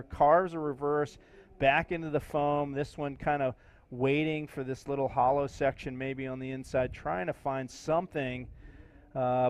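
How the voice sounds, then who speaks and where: A middle-aged man giving relaxed, chatty play-by-play commentary on a live sports stream. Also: medium pitch.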